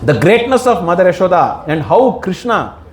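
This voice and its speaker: A man's voice: high-pitched, very animated, normal speed, echoey room, a little hiss or hum. A man giving a devotional sermon, asking the audience questions and answering them himself. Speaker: devotional speaker.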